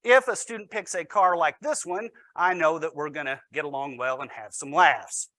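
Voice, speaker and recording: A man's voice: a little high, moderate pace, sharp tone, no echo. A man, a teacher, giving a storytelling presentation with wry, self-deprecating humor.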